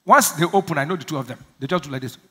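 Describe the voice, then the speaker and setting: Man, pastor preaching, high bright voice, call-and-response, acts out little voices. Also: rapid-fire. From Nigeria. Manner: acts out prayers in small voices. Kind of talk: sermon.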